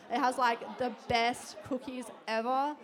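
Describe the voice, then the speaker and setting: A young woman tells stories from her life in a casual, chatty way. Her voice sits a little high, and she laughs often and fills her talk with fillers. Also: steady tone, measured pace. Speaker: Christian speaker sharing testimony. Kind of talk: casual storytelling.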